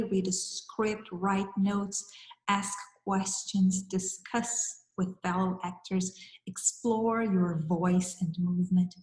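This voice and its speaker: A woman giving an acting lesson in a measured, encouraging way, talking straight to the listener. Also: fairly low pitch, reverberant, poor audio. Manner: measured, encouraging, direct address. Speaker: acting teacher. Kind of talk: instructional talk to camera.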